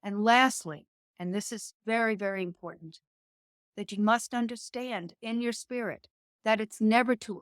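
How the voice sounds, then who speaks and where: A woman's voice: mid-range voice, moderate pace, no echo. A woman speaking as a podcast guest, with an earnest, motivational delivery. She takes her time over the words she wants to land. Her voice sits in a middle register and is recorded close and dry. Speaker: guest entrepreneur. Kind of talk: faith-based business interview.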